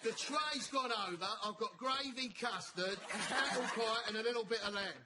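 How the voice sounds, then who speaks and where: A man who works as a school teacher, telling a lively, jokey anecdote. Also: extremely high pitch, normal speed. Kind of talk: storytelling. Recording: loud background noise.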